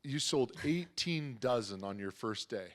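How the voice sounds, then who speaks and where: A man's voice: medium pitch, lively intonation, unhurried. A man hosting a conversational interview, encouraging and enthusiastic toward his guest. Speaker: interview host.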